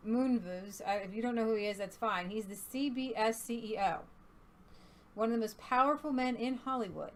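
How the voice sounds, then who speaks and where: A woman co-host reads posts aloud and comments on them, pausing often and filling the gaps with "uh" and "um". Her voice sits a little high. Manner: hesitant, many fillers. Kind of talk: casual chat reading posts aloud.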